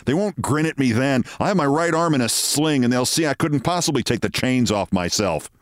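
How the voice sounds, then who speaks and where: A man reading as a mild daydreamer who imagines himself a calm surgeon, giving clipped orders. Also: mid-range voice, fairly quick, no room sound, studio quality, pitched above the performer's own voice, natural voice. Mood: sulky resolve.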